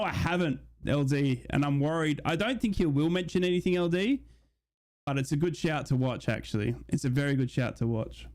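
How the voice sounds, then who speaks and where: A young man hosting a live football watch-along, chatting casually and reading out viewer shout-outs. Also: on the high side. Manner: chatty, reads out chat messages and shout-outs. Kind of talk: casual live-stream chat and mock commentary.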